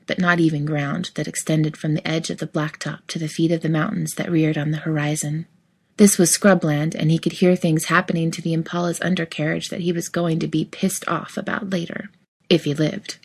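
Lady narrating a story, lowish voice, steady and even. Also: breathy edge. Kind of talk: audiobook fiction reading.

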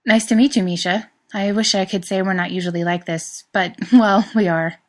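A woman's voice: medium pitch, fairly even intonation, moderate pace, natural voice. Woman voicing a wisecracking male professor. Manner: teasing, wisecracking. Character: playful joking male English professor.

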